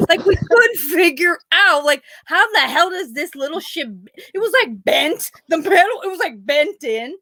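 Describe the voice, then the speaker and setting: A high-pitched, bright woman chats casually on a podcast, telling stories in an animated way with frequent laughter and the odd swear word. Her voice is recorded close and dry, with no room echo. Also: moderate pace, hardly any pauses. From Pennsylvania. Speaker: podcast host. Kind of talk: casual chat, storytelling.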